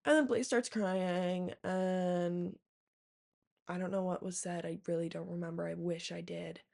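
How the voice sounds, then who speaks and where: A woman's voice: fairly low pitch, steady tone, a little slow, gravelly, darkish tone. A young woman vlogger telling a long personal story in a rambling casual chat, full of fillers and swearing. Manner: rambling, heavy use of "like" and "um", profane.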